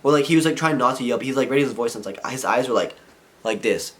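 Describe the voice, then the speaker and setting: A young man at a mid pitch vents to camera in a loose, rambling rant. He sounds frustrated and keeps tripping through his sentences. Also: fast, a bit bright. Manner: frustrated rambling, heavy filler "like". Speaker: vlogger and skater. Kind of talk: casual ranting vlog.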